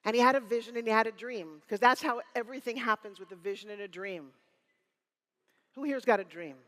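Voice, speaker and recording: A woman in her fifties giving a live motivational keynote on stage, energetic and teasing, rallying the crowd with call-and-response. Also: a little high, a little fast. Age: 50s. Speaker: motivational speaker. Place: stage before a live audience in a hall. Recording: room reverb.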